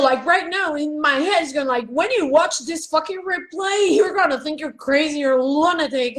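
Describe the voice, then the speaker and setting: A woman's voice: high-pitched, moderate pace, rough recording. A woman giving a raw, profane self-help monologue on a live video, questioning herself aloud.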